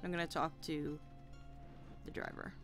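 A woman's voice: low-pitched, little pitch movement, unhurried, soft background music. A woman streamer making casual, chatty asides while playing a video game. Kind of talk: casual gameplay chat.

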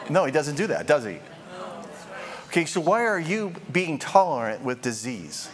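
A man preaching a sermon in a lively, joking way, acting out quoted voices as he goes. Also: fairly high pitch, moderate pace, crowd noise.

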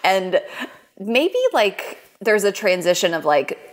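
A woman co-hosting a podcast, giggly and playful in quick casual back-and-forth. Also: medium pitch, lively intonation. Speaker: podcast co-host. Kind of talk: casual chat.

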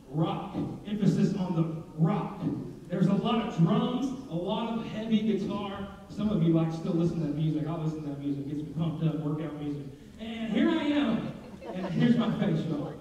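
A young male pastor with a high, mellow voice preaches a lively, joking sermon and keeps asking the congregation questions. He is recorded from a distance in a big echoing church hall, and the sound is dull and muffled. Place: church sanctuary.

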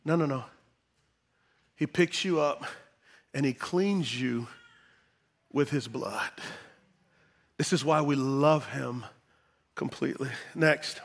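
A male pastor preaching a sermon with great energy, repeating words for emphasis and swinging between loud exclamations and hushed tones. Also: a little high, slow, pauses often, in a large hall.

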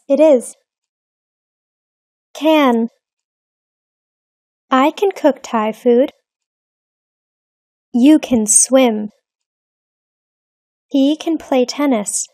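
A woman reading short lesson dialogues in a slow, deliberate, evenly paced way. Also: high voice, mellow, no room sound, clean studio sound. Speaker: English lesson reader.

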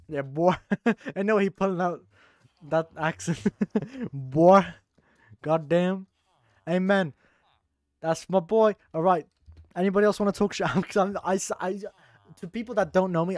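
A man's voice: high voice, a little mellow, dry recording. A young adult man streaming live, bantering crudely with his chat, laughing and teasing, with a sore throat.

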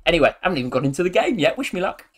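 A man's voice: a little high, very fast. A man giving casual, joking commentary over a football video game, rambling and poking fun at himself. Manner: animated, jokey, rambling and self-mocking. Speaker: gaming YouTuber.

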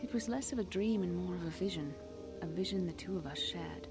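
A stern young female Jedi , voiced by a woman, speaks in measured, formal tones with a British accent. Her voice sits a little low. Soft game music plays behind her. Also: close to an everyday voice. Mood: earnest. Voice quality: composed, formal. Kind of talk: video game dialogue.

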